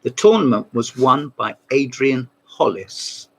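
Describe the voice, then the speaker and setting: Husky, animated man. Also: mid-range voice, measured pace. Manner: rambling, self-interrupting, mock phone call asides. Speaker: comedy book reviewer. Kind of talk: comic monologue.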